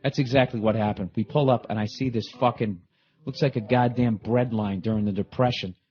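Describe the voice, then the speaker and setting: A man's voice: on the low side, steady tone, fairly quick. A middle-aged man hosting a podcast, delivering a profane, heated, rambling comedic rant. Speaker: podcast host. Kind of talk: ranting comedic monologue. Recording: dull lo-fi recording.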